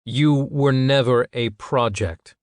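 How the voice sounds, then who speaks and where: A man reading an audiobook, voicing a cold, calculating middle-aged father who speaks in a measured, clinical way. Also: medium pitch, no echo, clean studio sound, natural voice.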